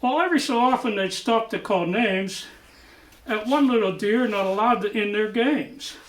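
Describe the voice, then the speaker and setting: A woman's voice: mid-range voice, moderate pace, roomy sound, close to an everyday voice, rough recording. A woman playing a jolly old Santa Claus who reads a picture book aloud to children. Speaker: guest storyteller.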